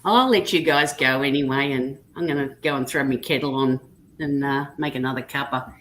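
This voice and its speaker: A woman's voice: very deep voice, fairly quick, fairly bright tone, a little hiss or hum, poor audio. An Australian woman chatting casually on a live stream, telling stories in an easygoing, anecdotal way. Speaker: guest on a live chat stream. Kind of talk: casual chat.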